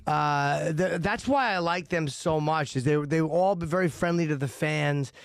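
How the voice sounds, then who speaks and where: A man's voice: a little high, normal speed, smooth, no echo, clean studio sound. A man talking as a podcast guest in casual, rambling, profane chat with many restarts.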